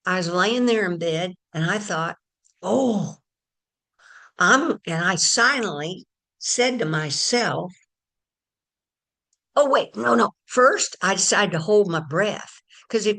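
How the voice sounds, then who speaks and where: A woman spiritual teacher gives a casual talk, telling a story chattily and speaking straight to her listeners. Her voice is on the low side, expressive and unhurried, and a bit bright.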